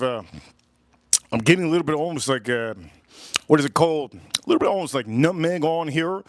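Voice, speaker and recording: A man's voice: fairly high pitch, dry recording. A man hosting a casual livestream review of cigars and whiskey, enthusiastic, laughing often and repeating his words.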